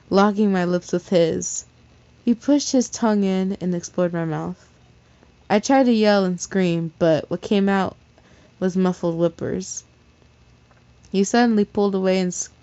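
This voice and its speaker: A woman's voice: medium pitch, mellow, no room sound. A woman reading a fan fiction story aloud in a casual way, stumbling over words and correcting herself. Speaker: story reader. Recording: slightly dull lo-fi recording.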